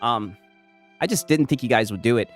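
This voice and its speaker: A man's voice: medium pitch, expressive, fairly quick. A man streaming casual commentary, rambling and mocking, tagging lines with "right?". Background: music playing.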